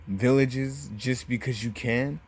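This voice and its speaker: A man doing a calm young ninja, earnestly pleading. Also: medium pitch, slow, slightly rough.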